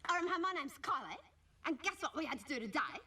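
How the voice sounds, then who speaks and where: A bratty Aussie schoolgirl, high and whiny. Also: very animated, a little fast, a loud crowd. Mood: whingeing. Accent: Australian. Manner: gossipy, rambling, mimics others. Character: bratty young teenage Australian schoolgirl, cheeky and whingeing. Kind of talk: comic monologue to camera. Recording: noisy old TV recording from a distant mic.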